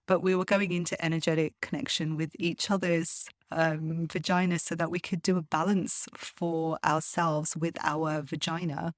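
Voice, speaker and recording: A woman with a low voice hosts a solo podcast, speaking earnestly and confidingly. She laughs softly now and then. The sound is dry and close, with no room around it. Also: no echo. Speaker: podcast host.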